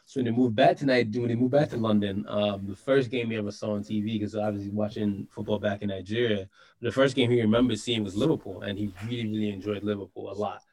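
A man with a slightly low voice chats casually as a podcast guest. He tells his stories in an animated way and fills them with lots of "like" and "you know". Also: quick pace, low-quality recording. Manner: animated, filler-heavy storytelling. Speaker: podcast guest, soccer show host. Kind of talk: casual chat.

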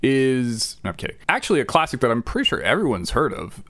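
A man's voice: medium pitch, big pitch swings, fast, fairly bright tone, dry recording. A man co-hosting a casual podcast, telling long, digressive stories full of restarts and side remarks. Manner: rambling, digressive storytelling with many restarts. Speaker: podcast co-host.

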